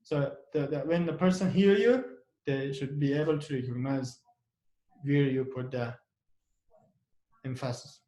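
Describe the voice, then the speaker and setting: A man teaches English grammar in an echoey room, his mid-range, mellow voice moving a little slowly with many pauses. He answers the questions he asks and repeats example sentences with emphasis.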